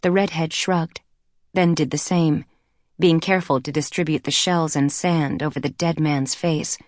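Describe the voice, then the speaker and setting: A woman narrating an audiobook novel in a measured, even storytelling manner. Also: low voice, no room sound, studio quality. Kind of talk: scripted narration.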